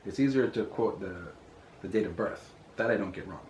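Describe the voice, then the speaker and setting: Deep-voiced man in his forties. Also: brisk, darkish tone, slight background noise. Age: 40s. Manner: thoughtful, searching his memory. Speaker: interview guest. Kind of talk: casual reminiscing interview. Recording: roomy echo.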